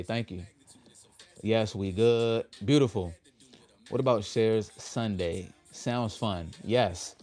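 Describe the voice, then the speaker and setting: Mellow-voiced man hosting a motivational livestream. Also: lowish voice. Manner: upbeat, repeats affirmations with the audience. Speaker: livestream host.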